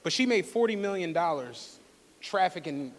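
A man, co-hosting a live podcast and telling animated, laughing stories before an audience. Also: high voice, moderate pace. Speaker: podcast co-host. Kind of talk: casual storytelling on a live podcast. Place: studio venue with a live audience. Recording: long reverb of a live venue.

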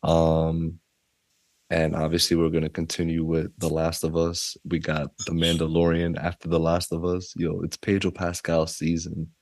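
A man hosting a podcast in loose, slangy casual chat, excitable and quick to laugh. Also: low voice, no room sound, clean studio sound. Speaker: podcast host. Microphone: desk mic.

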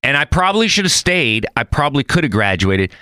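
A man's voice: mid-range voice, fairly quick, slight background noise. A man from Los Angeles hosting a podcast, telling long rambling stories in casual chat. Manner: animated, rambling storytelling. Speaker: podcast host.

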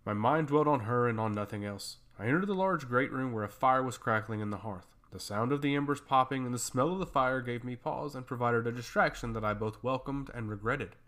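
A man narrating a first-person fantasy story in a steady, measured reading. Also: mid-range voice.

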